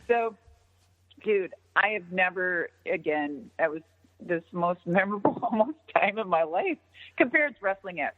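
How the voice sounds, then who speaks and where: A middle-aged woman recounts old stories with lively, swooping pitch, swearing as she goes and playing out each side of the conversation. Her voice comes through a thin, phone-like line with a long echoing tail. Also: measured pace. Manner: profane, animated, acts out others' lines. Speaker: interview guest, former wrestler. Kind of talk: casual storytelling interview. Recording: tinny phone-line audio with long reverb.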